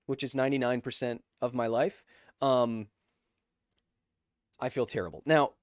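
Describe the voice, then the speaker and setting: A man's voice: mid-range voice, steady tone, moderate pace, dry recording, studio quality. A man hosting a live stream, reading chat messages aloud with jokes and tangents while explaining science casually.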